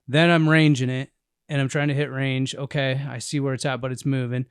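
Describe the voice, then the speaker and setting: A man co-hosts an outdoors podcast and tells a hunting story in a loose, animated way. He rambles and laughs often. His voice sits at an ordinary pitch, recorded dry and close. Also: a little fast, smooth, dry recording. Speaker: podcast co-host and bear hunter. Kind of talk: casual storytelling chat. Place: indoors in a cabin.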